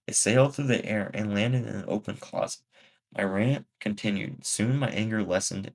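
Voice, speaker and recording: A man's voice: lowish voice, gravelly, rough recording. A man reading a first-person story aloud, a plain reading with small slips. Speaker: story narrator.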